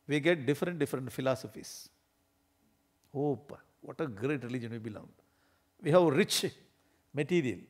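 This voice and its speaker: A man giving an animated, emphatic spiritual discourse, often laughing as he talks. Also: mid-range voice.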